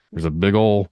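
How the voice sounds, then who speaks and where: A man's voice: fairly low pitch, clean tone, no echo, highs cut off. A man from Northern Indiana, hosting a podcast in a rambling, talkative way. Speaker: podcast host. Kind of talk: casual podcast chat.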